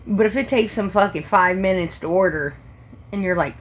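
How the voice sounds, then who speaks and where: A woman's voice: mid-range voice, normal speed. A woman who works as a restaurant server, ranting casually on a livestream and swearing freely in an exasperated way.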